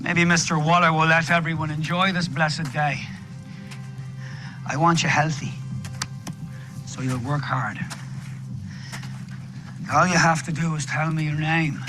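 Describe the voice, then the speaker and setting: Brief: actor as a cruel plantation overseer, harsh repeated commands, slow and high, film score underneath. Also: male voice, fairly even intonation, close to an everyday voice, rough recording. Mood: menacing. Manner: barking repeated harsh orders. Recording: film clip with music score.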